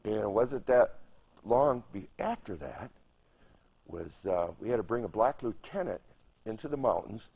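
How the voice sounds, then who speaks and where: A man's voice: on the low side, animated, normal speed, gravelly, slightly rough, highs cut off. A man in his seventies from Michigan, recalling his experiences as a veteran in an oral history interview, telling it vividly with repeated phrases and sound effects. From Michigan, United States. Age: 70s. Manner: vivid, emphatic storytelling with repetition and sound effects.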